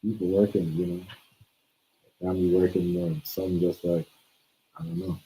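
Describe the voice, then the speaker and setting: A man in casual conversation drives his points home with emphasis. He keeps checking that the listener follows him, and his voice is low. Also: big pitch swings, moderate pace, creaky, warm tone, poor audio. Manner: emphatic, keeps asking "you see what I'm saying". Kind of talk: casual chat.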